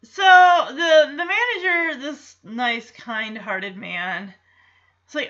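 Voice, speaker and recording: Woman recapping an episode, high voice, bright tone, animated, does character voices, slightly dull lo-fi sound. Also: takes it slowly. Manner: animated, acts out quotes in voices, laughs often. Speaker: show recapper.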